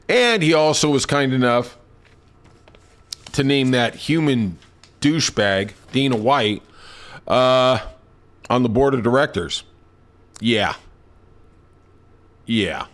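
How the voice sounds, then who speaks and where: A man's voice: medium pitch, takes it slowly, long pauses. A middle-aged man hosting a political podcast, talking in a sarcastic, rambling commentary style and telling anecdotes. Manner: sarcastic, animated storytelling. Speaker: podcast host.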